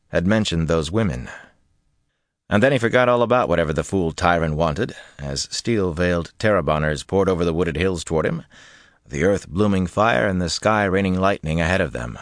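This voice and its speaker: A deep-voiced male narrator reading a fantasy novel in a measured, storytelling way. His delivery rises and falls a lot, and the recording is close and dry with no room sound. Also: dry recording. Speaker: audiobook narrator.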